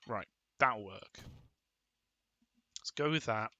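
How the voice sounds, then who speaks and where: A man's voice: on the low side, takes it slowly, pushed and bright, dull audio. A man giving casual commentary while playing a game, muttering to himself and getting mildly exasperated. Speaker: gaming video creator.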